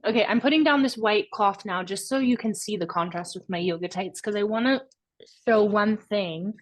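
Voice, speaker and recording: A woman yoga teacher with a mid-range voice, hosting the class and explaining poses in a relaxed, chatty way as she demonstrates. She moves easily between instructions and personal asides. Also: mid-range voice.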